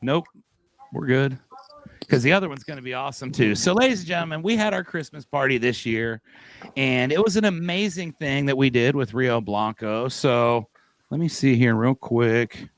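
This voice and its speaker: A man's voice: medium pitch, moderate pace, no echo. A man hosting a casual company podcast over a video call, upbeat and joking as he hypes up his coworkers. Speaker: podcast host.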